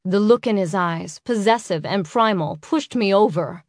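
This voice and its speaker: Female audiobook narrator, mid-pitched, intimate and unhurried, dry close recording. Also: dry recording. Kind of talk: first-person romance audiobook narration.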